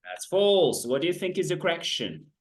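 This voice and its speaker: A male English tutor leads a lesson over a video call. His voice sits a little high, and he keeps praising the student while fixing how words are said. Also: big pitch swings, normal speed. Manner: encouraging, corrects pronunciation, mixes in French and Darija. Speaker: English teacher.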